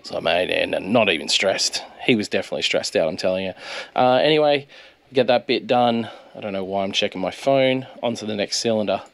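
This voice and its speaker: A man's voice: fairly low pitch, brisk, creaky, fairly bright tone, dry recording. A man with an Australian accent, hosting his channel and narrating casually over his footage in a laid-back, chatty way. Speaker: channel host.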